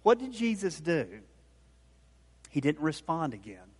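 A man's voice: a little high, unhurried, breathy edge. Man preaching in a reverberant hall. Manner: conversational, animated retelling with repeated restarts. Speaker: pastor. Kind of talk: sermon.

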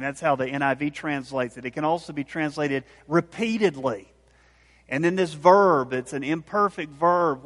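A man giving a conversational sermon, retelling scenes with lively, animated voices and frequent restarts. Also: on the high side, in a large hall. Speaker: pastor.

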